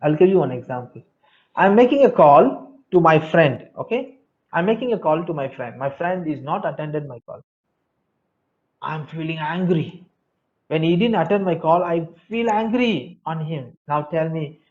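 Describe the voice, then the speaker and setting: A fairly high-voiced man leads an online training session. He talks in an animated way and says key phrases over and over. The sound is dull and lo-fi, like webinar audio. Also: measured pace. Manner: lively, reads chat answers aloud, repeats key phrases. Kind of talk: interactive online lecture.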